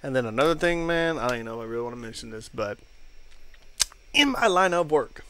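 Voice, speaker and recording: A man co-hosting a podcast, telling a work anecdote in a relaxed, rambling, casual way. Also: mid-range voice, quick pace, smooth. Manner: laid-back rambling storytelling. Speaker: podcast co-host. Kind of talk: casual chat.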